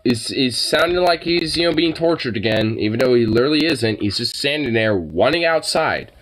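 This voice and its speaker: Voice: mid-range voice, expressive, fairly quick, a bit bright, a little hiss or hum. A live streamer chatting casually with a profane manner, reacting to chat and scolding and cooing at pets.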